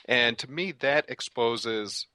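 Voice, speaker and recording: A man's voice: medium pitch, takes it slowly, pushed and bright, no room sound. A man giving a long answer as a guest commentator in a radio interview, thinking aloud with frequent restarts.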